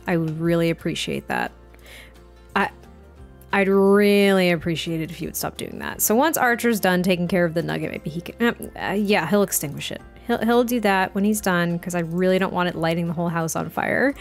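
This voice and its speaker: A woman's voice: medium pitch, a little fast. A young adult woman casually narrating a life-sim game in a chatty, exclaiming way. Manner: chatty, exclaiming, self-correcting. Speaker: let's play host. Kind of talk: casual gameplay commentary. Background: faint background music.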